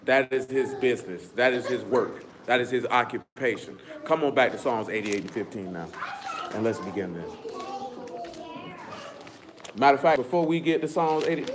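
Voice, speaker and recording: Animated and brisk, a medium-pitched man teaches scripture to a small group over background noise. He first urges listeners to read, then becomes emphatic and preachy.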